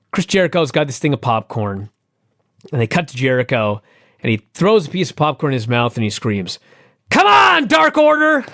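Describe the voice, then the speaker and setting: A man co-hosting a podcast, chatting casually as an excitable, enthusiastic fan. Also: no room sound, clean studio sound. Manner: excitable, enthusiastic fan who jumps up in pitch when thrilled. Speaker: podcast co-host. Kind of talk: casual chat.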